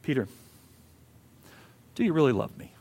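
A male pastor voicing a gentle grown man, a teacher calmly questioning his follower. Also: mid-range voice, normal speed, voice pushed down.

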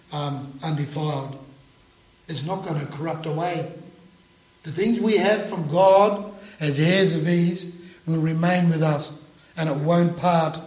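A man preaching a sermon, swinging between loud emphatic bursts and soft low asides, and reading scripture aloud in a raised voice. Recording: echoey room.

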